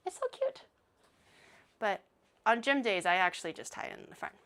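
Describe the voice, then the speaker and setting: A woman's voice: mid-range voice, animated, fast talker, a bit bright. A woman streamer in casual livestream chat, playful and giggly, laughing often and rambling with plenty of fillers. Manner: chatty, rambling with many fillers.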